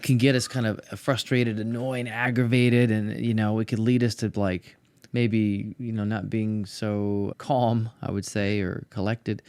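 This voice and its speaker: Low-voiced man hosting a reflective podcast. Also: little pitch movement, measured pace, a little mellow, clear, resonant tone, dry recording. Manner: thoughtful, searching, restarts phrases. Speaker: podcast host. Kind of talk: reflective interview questions.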